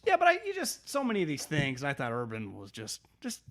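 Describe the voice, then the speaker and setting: A man's voice: medium pitch, huge pitch swings, fast, fairly bright tone. A man co-hosting a casual sports talk show, bantering loosely with plenty of swearing. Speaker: co-host.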